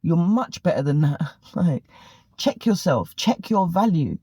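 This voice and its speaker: A woman's voice: on the low side, big pitch swings, a little slow, warm tone, slightly rough, no room sound. A woman, vlogging a candid, profane story in a chatty way. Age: 40s. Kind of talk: casual storytelling monologue.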